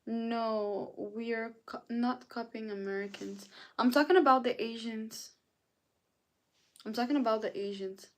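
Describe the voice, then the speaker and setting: A woman's voice: a little high, fairly even intonation, a little slow. A tired woman hosting a casual live stream, reading chat messages aloud and answering them. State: tired, yawning. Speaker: livestreamer.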